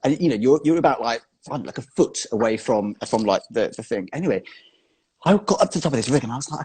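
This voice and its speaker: A man, a choreographer guest chatting casually and telling a funny story in an animated way, full of fillers. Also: mid-range voice, very fast, slightly rough, poor audio.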